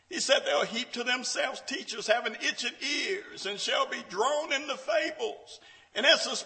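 Man, sermon, high-pitched, animated, acts out the quotes. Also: rough recording. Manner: dramatic, acts out quotes, rises to shouts and drops low. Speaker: Bible class preacher.

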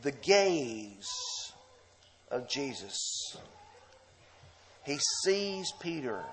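Male pastor, fairly high voice, sermon in a reverberant sanctuary; loud scripture reading, quiet slow asides. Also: expressive. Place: church sanctuary.

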